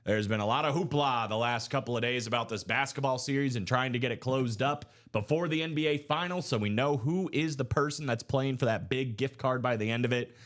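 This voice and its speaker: A man's voice: mid-range voice, fairly bright tone. A man hosting a live sports card break stream, rattling off lists in hyped, chatty sales patter. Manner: rapid listing, hyped and chatty.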